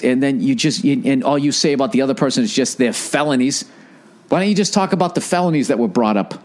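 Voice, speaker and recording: Profane ranting man hosting a podcast. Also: a little high. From United States. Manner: profane, ranting, animated impressions. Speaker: podcast host. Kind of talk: casual comedic monologue.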